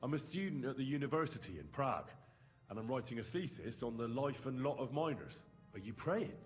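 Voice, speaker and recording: Actor as a curious young student, lively inflection, game score underneath. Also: male voice, mid-range voice, a little fast, faint music behind, close to an everyday voice. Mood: earnest. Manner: polite, inquisitive questioning. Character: curious young male student, polite and earnest.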